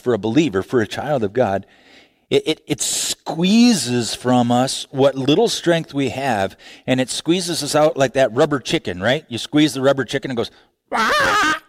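A male pastor delivering a sermon at an unhurried, deliberate pace. His delivery is expressive, dropping low and quiet, then rising high and emphatic, and he often restarts phrases. The sound is dry and close, with little room echo. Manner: expressive preaching with big pitch swings, repeated restarts.

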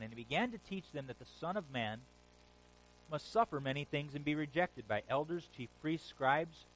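A man preaching a sermon, retelling scripture stories in a lively, casual modern way. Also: mid-range voice, slight background noise, poor audio. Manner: animated storytelling, paraphrasing scripture in casual modern speech.

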